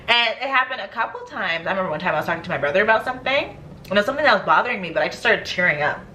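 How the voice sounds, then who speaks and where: A woman's voice: medium pitch, bright, forceful tone, slight background noise. A woman vlogger chatting casually about her skincare, laughing often and acting out stories. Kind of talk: casual chat.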